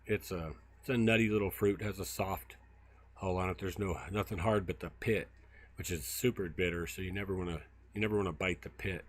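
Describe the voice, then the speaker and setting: Guy with a really low voice chatting on a livestream outside in the brush, lots of ums. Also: fairly even intonation, brisk. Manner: rambling storyteller, many fillers. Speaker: field researcher and livestream host. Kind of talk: casual walk-and-talk livestream. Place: outdoors in brushy woods by a river.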